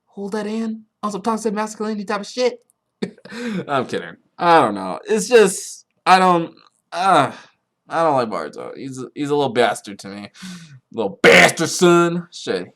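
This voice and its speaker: A young man hosting a podcast, rambling casually and swearing a lot, with his voice jumping up when he gets excited. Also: moderate pace. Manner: rambling, profane, excitable, pitch jumps when worked up. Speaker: podcast host. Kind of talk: casual solo chat about anime.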